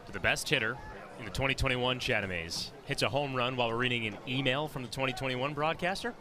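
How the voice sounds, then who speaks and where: A man doing relaxed color commentary at a baseball broadcast, reading listener emails aloud and joking with his partner. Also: medium pitch, quick pace. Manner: relaxed, joking, laughs easily. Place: outdoor ballpark broadcast booth. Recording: outdoor ballpark crowd behind. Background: ballpark crowd.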